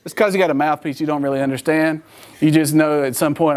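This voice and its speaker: A man's voice: fairly high pitch, fairly even intonation, fast talker, smooth. A man giving a sermon-style talk as a church speaker, acting out the people in his story and laughing often as he tells it.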